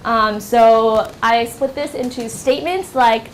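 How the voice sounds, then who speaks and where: A woman's voice: a little high, slow, a little hiss or hum. A young American woman teaching a workshop class in a casual lecture style, full of ums and likes. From United States. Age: young adult. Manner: casual, filler-heavy delivery with many ums and likes. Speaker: workshop instructor. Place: university classroom.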